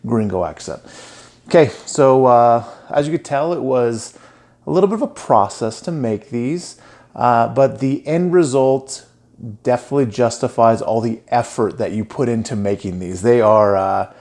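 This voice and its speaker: A man with a mid-range, slightly mellow voice talks at a moderate pace with lively intonation, soft music playing behind him. He hosts a casual cooking channel, chatting enthusiastically as he cooks and tastes the food.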